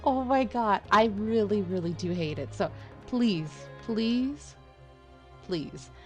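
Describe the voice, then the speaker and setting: Slow, ranting woman at home. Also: mid-range voice, faint music behind. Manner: animated, laughs a lot, repeats herself. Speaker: let's play commentator. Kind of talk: ranting game commentary.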